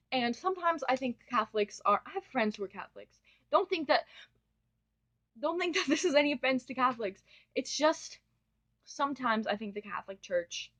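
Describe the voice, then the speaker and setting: Gushing young woman reviewing books, bright. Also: fairly high pitch. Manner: gushing, chatty, self-interrupting. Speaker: book reviewer. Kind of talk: casual book review vlog. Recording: dull lo-fi home recording.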